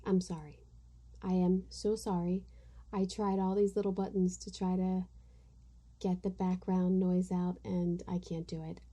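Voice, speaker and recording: A woman's voice: fairly low pitch, level tone, measured pace, mellow, husky. A middle-aged woman hosting a podcast, chatting casually from home in a rambling, self-deprecating way. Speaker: podcast host. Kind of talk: casual chat. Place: home room with household noise.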